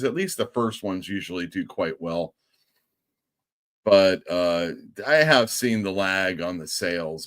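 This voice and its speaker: A man's voice: low-pitched, fairly bright tone. A man hosting a livestream show as a comic shop owner, chatty and self-mocking. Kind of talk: casual livestream talk.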